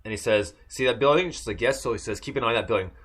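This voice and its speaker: A man's voice: medium pitch, rapid-fire, fairly bright tone, husky. A man on a podcast chatting casually through an episode recap, full of fillers and restarts. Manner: rambling, many fillers and restarts. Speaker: podcast co-host.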